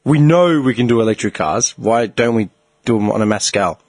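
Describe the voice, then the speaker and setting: Animated podcast guy. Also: mid-range voice, brisk, no echo. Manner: animated, swearing, laughs often. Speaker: podcast co-host. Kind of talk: casual chat.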